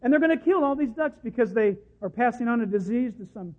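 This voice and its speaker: A man's voice: extremely high pitch, expressive, fast talker. A man preaching a sermon with passion, now and then acting out quoted voices. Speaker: pastor. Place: church service. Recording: tinny phone-like sound.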